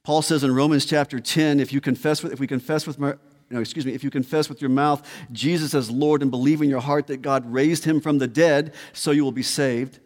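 A man's voice: mid-range voice, steady tone, brisk. A man preaching a sermon as pastor, emphatic and repeating key words. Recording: long hall reverb.

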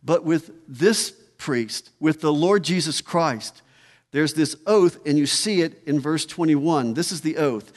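A man preaching with a somewhat raised pitch, leaning hard on key phrases and repeating them for emphasis. His voice rings through a long hall reverb, as in a church sanctuary. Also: unhurried. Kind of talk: expository sermon.

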